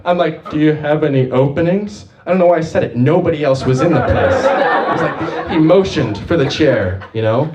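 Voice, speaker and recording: A man's voice: normal speed, muffled recording, over a noisy crowd. Guy doing open mic stand-up, bouncy storytelling, kinda far from the mic, noisy room. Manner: animated, jumpy storytelling with big pitch swings. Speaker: stand-up comic. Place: small open mic venue. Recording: distant mic with audible noise.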